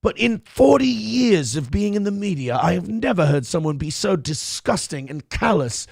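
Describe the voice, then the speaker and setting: A man's voice: high-pitched, sing-song, moderate pace, gravelly, a little mellow, breathy edge, no room sound, studio quality, full character voice. A man mocking a pompous, indignant TV host. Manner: haughty, self-righteous. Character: pompous indignant middle-aged male TV host.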